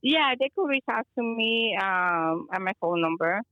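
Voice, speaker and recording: Speaking at a measured pace with a medium, expressive voice, a Chicago woman tells a rambling tale on a casual phone-in program. She's a guest and an energy healer who works Spanish phrases into her talk. The call recording is dry and muffled.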